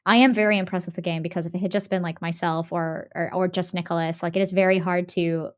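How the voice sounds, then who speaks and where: A woman co-hosting a podcast, talking in a casual, animated way with lots of fillers and restarts. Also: fairly low pitch, quick pace, clean tone. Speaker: podcast co-host. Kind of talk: casual discussion.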